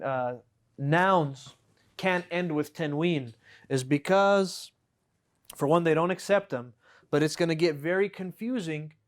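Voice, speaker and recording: Patient Arabic teacher explaining grammar. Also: male voice, fairly high pitch. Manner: patient, explains with repeated examples and checks "right?". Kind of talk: classroom lesson.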